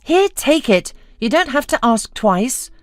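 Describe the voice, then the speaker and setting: A woman's voice: sits high, very animated, no echo, clean studio sound, voice pushed up. A woman voicing a whiny, scheming young homeless woman who talks in a hurry. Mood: hasty. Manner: whiny, hurried.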